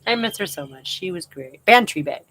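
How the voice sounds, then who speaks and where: A woman's voice: lowish voice, expressive, fairly quick, a bit bright, husky, rough recording. A woman hosting a live chat outdoors, casually reading viewer comments aloud and laughing often.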